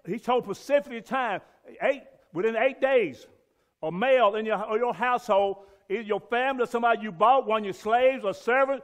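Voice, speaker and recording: A man's voice: very high voice, brisk. A man teaching a Bible lesson and reading scripture aloud, emphatic and repeating key words for stress.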